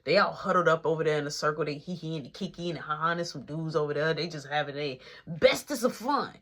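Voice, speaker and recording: A young man telling a casual storytime, animated and slangy, acting out each person's lines. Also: fairly high pitch, a little fast.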